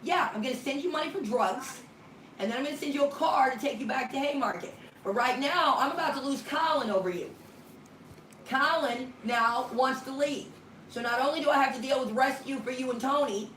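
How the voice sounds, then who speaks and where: A woman's voice: high voice, a little fast, fairly bright tone. A woman ministry leader on a phone call, talking firmly and bluntly while pleading. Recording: roomy room, distant mic, faint noise.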